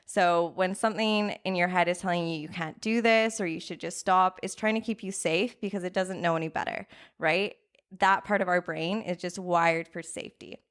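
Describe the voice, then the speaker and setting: A woman's voice: lowish voice, fairly even intonation, moderate pace, fairly bright tone, clear, resonant tone. A woman in her thirties, a coach on a podcast, talking earnestly in casual interview style and often checking in with "right?". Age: 30s. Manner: earnest, acts out inner voices, says "right?" a lot. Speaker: guest coach.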